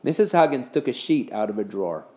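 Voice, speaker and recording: A man's voice: mid-range voice, sing-song, quick pace, mellow. A man reading a children's storybook aloud expressively, in a dull lo-fi recording.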